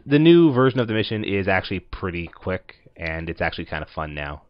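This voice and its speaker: Low-voiced guy narrating his game, lots of uhs, dry muffled sound. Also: big pitch swings, a little fast, no room sound. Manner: rambling, many filler words. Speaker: let's play host. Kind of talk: casual gameplay commentary. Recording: dull lo-fi dry voice recording.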